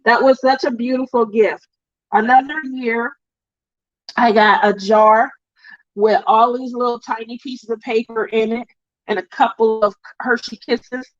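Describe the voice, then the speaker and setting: Middle-aged woman telling a family story on her craft stream, slow and a little high, dry slightly dull sound. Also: steady tone, dry recording. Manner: chatty storytelling, emotional, laughs often. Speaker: host of a crafting livestream. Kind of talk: casual chat reading viewer comments.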